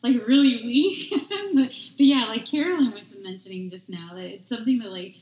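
A woman's voice: mid-range voice, animated, a little fast. A woman fitness instructor chatting casually in an interview, with frequent fillers. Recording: echoey room.

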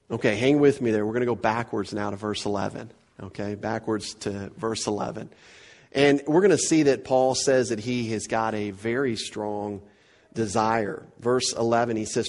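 Man, pastor, verse-by-verse sermon, emphatic, animated, mid-pitched voice. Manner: animated, emphatic, repeats words when stressing a point.

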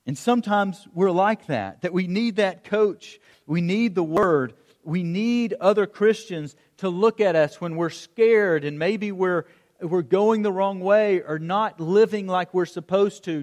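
A middle-aged man preaching a sermon, telling stories in an animated way and acting out the calls of a coach. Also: high voice. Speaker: pastor. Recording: long hall reverb.

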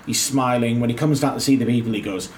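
A man chatting casually about a TV series, joking and sarcastic in an animated way. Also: mid-range voice, fast, a little hiss or hum. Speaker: co-host reviewing a TV series. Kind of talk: casual chat.

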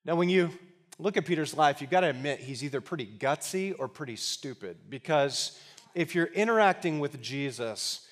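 A man preaching a sermon as pastor, conversational and emphatic with touches of humor, at times dropping into quiet, earnest appeals. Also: on the high side, animated, normal speed.

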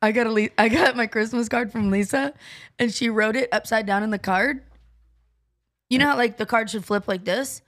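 A woman's voice: fairly high pitch, moderate pace, a bit bright. A woman co-hosting a chat show, talking in a bubbly, rambling, self-deprecating way. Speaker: podcast co-host. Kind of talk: casual chat with a co-host.

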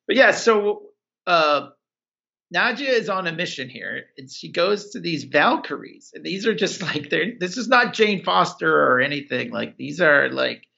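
A man's voice: on the high side, expressive, a little slow, vocal fry, sharp tone, highs cut off. A man recapping a TV episode in casual podcast chat, rambling with many fillers and acting out the characters' lines.

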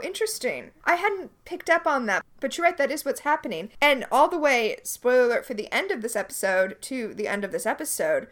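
Lively high-voiced woman chatting. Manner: quick, chatty, playful asides. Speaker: podcast co-host. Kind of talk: casual chat recapping a TV episode.

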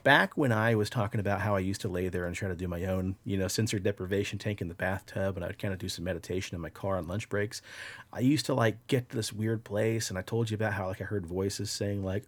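A podcast host tells a story casually, swearing freely and getting animated. His voice sits a little low, and the recording is dry and close. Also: fast, dry recording. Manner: relaxed, profane, animated storytelling.

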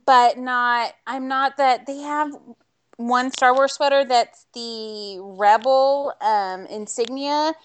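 A woman co-hosting a casual podcast, animated and acting out her reactions, with the hiccups. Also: sits high, takes it slowly. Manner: animated storyteller with acted-out reactions. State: has the hiccups.

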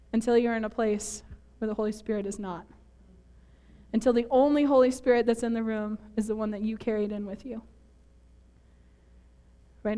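A woman's voice: a little high, darkish tone. A woman from northern Minnesota preaching a sermon in a church, chatty and self-deprecating, laughing often at herself.

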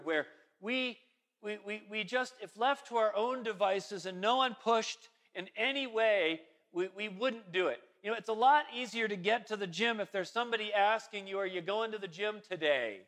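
Bright-voiced man telling a sermon story. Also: high voice, moderate pace. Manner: casual, rambling, self-deprecating, many fillers and restarts. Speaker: pastor.

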